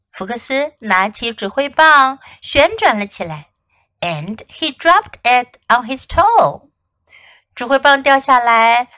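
A woman from China, a children's English teacher and host, reading a picture book aloud in a gentle, sing-song way. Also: a little high, no room sound. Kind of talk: bilingual storybook reading.

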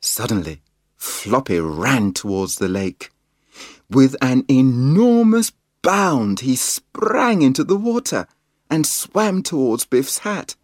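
A man reading a children's picture book aloud in a slow, expressive storytelling manner. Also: mid-range voice, dry recording, studio quality. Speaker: storybook reader.

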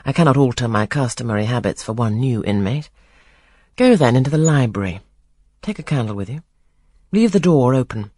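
A reader voicing a stern, brusque older gentleman in an audiobook of a classic novel, questioning curtly and giving orders. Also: medium pitch, lively intonation, fairly quick, dry recording, studio quality, lightly acted. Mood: commanding. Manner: curt, imperious questioning.

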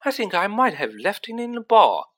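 A reader voicing a loud, indignant teenage boy who roars back. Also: mid-range voice, very animated, normal speed, voice pushed up. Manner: roaring.

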